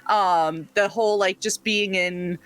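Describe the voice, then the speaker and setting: High-voiced man, halting with fillers. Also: fairly even intonation, a bit bright, clear, resonant tone. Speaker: player. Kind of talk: casual chat about a character.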